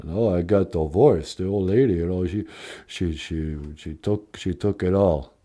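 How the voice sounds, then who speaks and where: Someone doing a mumbling, gruff has-been action star. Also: deep voice, measured pace, mellow. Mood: glum. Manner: mumbling tough-guy drawl with "hey, yo". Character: washed-up male movie action star, gruff, boastful.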